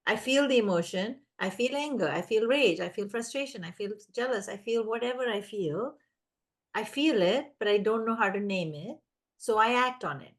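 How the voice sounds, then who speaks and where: A woman giving parenting advice in casual conversation, animated and acting out the voices of children and parents. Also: a little high, moderate pace. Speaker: parenting guest expert.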